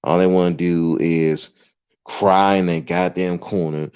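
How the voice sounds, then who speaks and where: A man's voice: sits low, steady tone, measured pace, darkish tone, clear, resonant tone. A podcast host, a man, delivering an emphatic, profane livestream rant. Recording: dull lo-fi recording.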